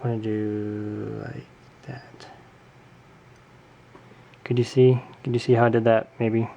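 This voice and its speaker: A man's voice: fairly low pitch, little pitch movement, takes it slowly, vocal fry, dark tone, lo-fi sound, a little hiss or hum. A man hosting a casual hands-on craft tutorial at home, chatting and correcting himself with jokey asides as he works. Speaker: tutorial host.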